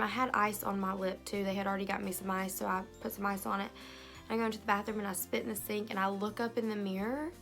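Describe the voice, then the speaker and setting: Young female vlogger, chatty storytime delivery, phone mic, faint background music. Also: mid-range voice. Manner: fillers and lively retelling with quoted voices. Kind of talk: storytime vlog.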